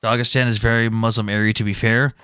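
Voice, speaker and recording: Male stream host, animated storyteller, bright forward tone, dry close-miked sound. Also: medium pitch, fast, smooth, no room sound. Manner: animated storyteller, mimics others' voices. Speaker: livestream debate host. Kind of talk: casual livestream chat.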